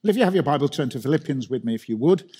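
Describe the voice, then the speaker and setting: A man's voice: medium pitch, expressive, very fast, mellow, slightly rough. A middle-aged man from Birmingham with a Birmingham accent, preaching a sermon in a chatty storytelling way, often restarting his phrases. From Birmingham, England. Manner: conversational, self-deprecating storytelling with frequent restarts.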